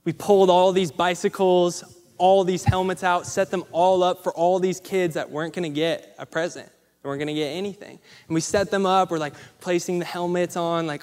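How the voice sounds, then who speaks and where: Animated male speaker in a reverberant hall. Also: high voice, fairly quick. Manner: animated storyteller acting out quotes. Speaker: motivational speaker. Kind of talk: storytelling speech on stage.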